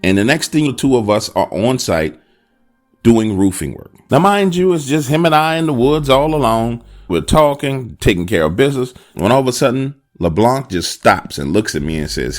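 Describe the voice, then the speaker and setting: Man telling a true scary story, swooping animated voice, dramatic pauses, faint music underneath. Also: mid-range voice. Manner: dramatic, addresses listeners directly. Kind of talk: first-person horror story narration.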